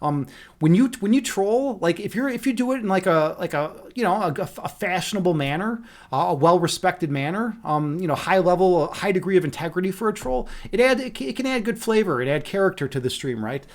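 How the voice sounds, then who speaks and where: High-voiced rambling streamer man. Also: lively intonation, fairly quick. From Chicago, USA. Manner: rambling, many fillers and restarts. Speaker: livestream host. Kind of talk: casual chat reading a live chat.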